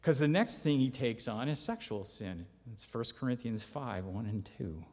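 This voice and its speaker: A man's voice: medium pitch, big pitch swings, normal speed, hardly any pauses, a little mellow. Man preaching in a reverberant hall. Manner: conversational, emphatic, reads scripture aloud. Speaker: pastor or Bible teacher. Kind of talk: sermon.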